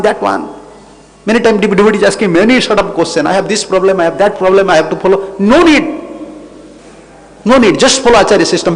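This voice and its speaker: Emphatic man giving a devotional lecture. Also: sits high. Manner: emphatic, repeats phrases, non-native English. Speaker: spiritual teacher.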